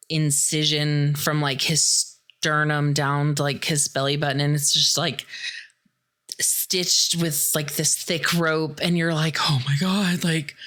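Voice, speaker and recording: A woman's voice: low-pitched, a bit bright. A young adult woman hosting a podcast, casually recapping a horror film in a chatty way, full of "like" and "dude". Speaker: podcast host.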